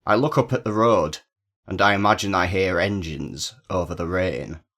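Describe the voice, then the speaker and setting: Deep low voiced guy, steady measured story reading, first person crime tale. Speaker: narrator.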